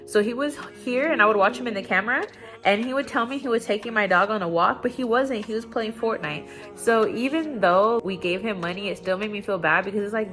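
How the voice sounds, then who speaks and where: A young woman talking at home in a casual confessional vlog, candid and rambling, her voice jumping up when she gets excited. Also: brisk, faint music behind. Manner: candid and rambling, with sudden excited jumps in pitch. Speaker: vlogger. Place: at home, indoors.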